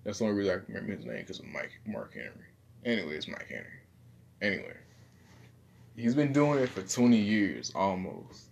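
A young man, rambling casually and profanely in a low-key, self-deprecating way. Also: sing-song, a little fast, vocal fry, slightly rough. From Southern United States. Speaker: vlogger.

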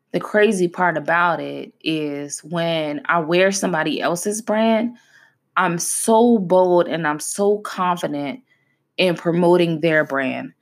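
A woman in her thirties speaks in a slightly low voice as a podcast host. Her talk is candid and heartfelt, loose and conversational, and she leans on repeated phrases to drive each point home. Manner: conversational and heartfelt, with emphatic repetition.

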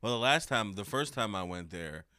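Young male podcast host, rambling and profane, bright, smooth voice. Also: on the low side, animated, normal speed, no room sound, clean studio sound. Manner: rambling, swears freely, laughs often. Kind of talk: casual chat.

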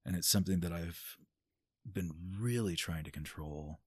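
Speaking at an ordinary pace, a man whose voice is deep and husky talks candidly on a casual podcast. He swears a lot and laughs often, and the sound is close-miked and dry, free of any room sound.

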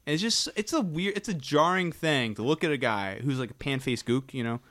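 A man's voice: fairly high pitch, brisk, a bit bright. A man co-hosting a podcast in loose casual chat, laughing often and joking crudely. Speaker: podcast co-host.

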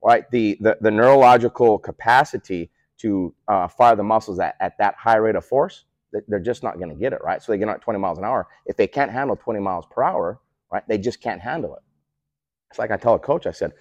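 Here the speed-training co-owner talks fairly quickly in a fairly low voice, with no echo but dull audio, over a remote call. Chatting casually about his methods, he tacks "right?" onto his points and tells stories like an animated coach.

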